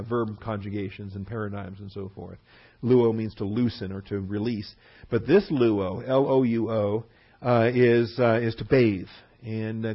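A man teaching a Bible class verse by verse, who acts out the people he quotes. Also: on the low side. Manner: lively, acts out quotes with a raised voice. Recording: dull lo-fi recording.

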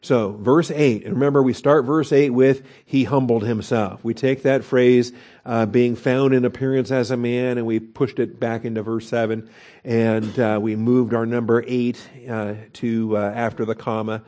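A man preaching an expository Bible lesson, often pausing to check that listeners follow with a quick "okay?". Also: medium pitch, fairly even intonation, warm tone. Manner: explanatory teaching, frequent "okay?" checks, filler restarts. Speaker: pastor teaching a Bible study. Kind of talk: expository sermon.

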